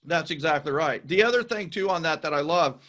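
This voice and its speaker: A man's voice: on the high side, expressive, a little fast, fairly bright tone. A man hosting a podcast interview, talking in an enthusiastic, emphatic way and repeating his points. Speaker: podcast host. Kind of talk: casual interview chat.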